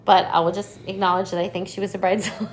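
A young woman co-hosting a podcast, telling a story in casual chat, animated and full of "like" fillers and swearing. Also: medium pitch, rapid-fire. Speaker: podcast co-host.

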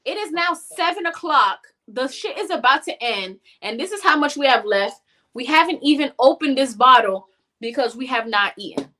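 A young woman from North Miami, co-hosting a podcast, telling a story in casual, animated, profane talk. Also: high voice, normal speed. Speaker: podcast co-host. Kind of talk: casual chat.

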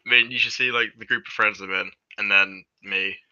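Bright-voiced young Englishman, lo-fi sound. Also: on the low side, steady tone, brisk. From England. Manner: laid-back, self-deprecating, swearing. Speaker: podcast guest. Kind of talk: casual chat.

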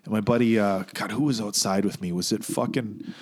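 A man's voice: on the low side, a little fast. A man casually telling a rowdy story on a podcast, swearing a lot and acting out what people said. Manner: profane, animated storyteller acting out quotes. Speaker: podcast host.

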